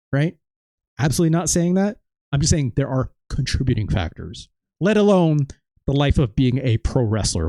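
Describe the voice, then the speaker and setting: Casual let's play dude, rambly, self-deprecating, slow talk with big pitch swings. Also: male voice, mellow, dry recording. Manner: rambling, self-deprecating, lots of filler and trailing off. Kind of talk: casual gameplay commentary.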